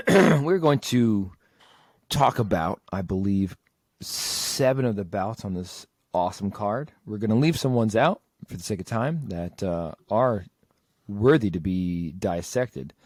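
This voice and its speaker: A man hosting a podcast, introducing fights and reading fighter stats in a measured way. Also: fairly low pitch, animated, no room sound. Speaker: podcast host. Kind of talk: casual show segment host.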